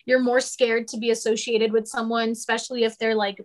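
A young woman in her twenties leads a relaxed chat among friends. Her voice sits high, and she swears and laughs easily as she talks. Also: brisk. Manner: giggly, swears freely. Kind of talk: casual chat.

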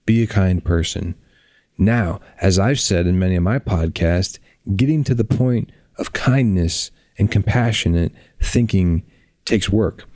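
A man hosting a reflective podcast, talking bluntly and earnestly with drawn-out pauses, on a close microphone. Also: low-pitched, dark tone, dry recording. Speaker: podcast host.

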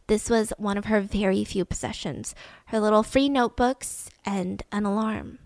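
A woman podcast host telling a true-crime story in a casual, animated way, often indignant and full of "like". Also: mid-range voice, moderate pace, no echo. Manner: animated and indignant, heavy use of "like".

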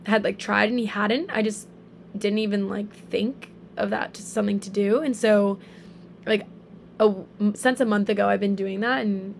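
Chatty young woman, gravelly edges. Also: medium pitch, moderate pace, slight background noise. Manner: animated storytelling with many fillers. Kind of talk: casual faith chat.

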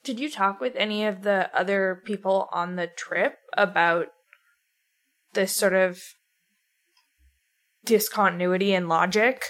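A woman's voice: mid-range voice, measured pace, long pauses, fairly bright tone. A woman hosting a podcast, interviewing a guest with direct, probing follow-up questions. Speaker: podcast host.

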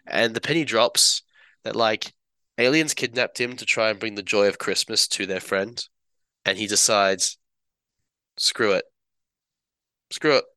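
A man with a lowish but bright, forceful voice talks through a show in an enthusiastic, rambling way. His delivery is crisp and clear. The recording is close and dry, with no room sound. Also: dry recording. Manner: enthusiastic, rambling, acts out quoted lines. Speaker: show reviewer. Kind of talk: casual recap chat.

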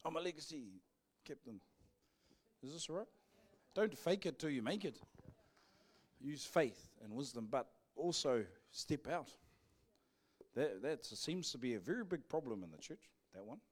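With a slightly rough, sing-song mid-range voice and a measured pace, this man preaches live at a church service. He's a New Zealand pastor who keeps things playful and jokey with the congregation, acting out exchanges between characters.

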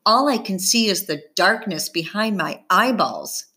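A woman reading a novel aloud in first person, giving gentle voices to the characters. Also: medium pitch, lively intonation, unhurried, slightly rough. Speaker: audiobook reader. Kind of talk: first-person audiobook narration.

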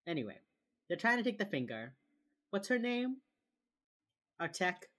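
A woman's voice: medium pitch, big pitch swings, a little slow, fairly bright tone. A woman from Miami co-hosting a podcast, recapping a TV episode in casual chat full of "like" fillers. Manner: chatty, frequent "like" fillers, swears casually. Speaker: podcast co-host.

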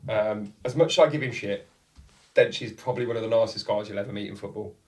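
Man, football podcast host, swears a lot, animated storytelling, a bit off mic. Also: on the low side, fast, recorded from a distance. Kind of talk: casual chat, storytelling.

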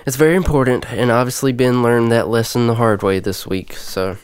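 A man's voice: steady tone, brisk, clear, resonant tone. A young man co-hosting a podcast in casual chat, teasing and wry. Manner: wry, teasing, prone to high squealing laughs. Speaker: podcast co-host.

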